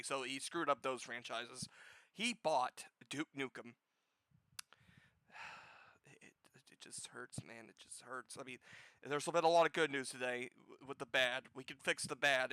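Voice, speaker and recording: A man hosts a gaming news show, offering casual, sarcastic commentary laced with profanity and swinging from loud outbursts to low muttering. The tone is clean with no echo, though the audio quality is poor.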